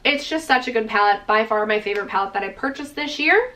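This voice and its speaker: A woman with a slightly high voice gushes through a makeup palette review, full of enthusiasm and casual filler words. She sits a little back from the microphone, so her voice sounds somewhat distant. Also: animated, fast, sharp tone. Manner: gushing, enthusiastic, uses "like" and "freaking" often. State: out of breath, dry throat. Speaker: beauty vlogger. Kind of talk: product review vlog.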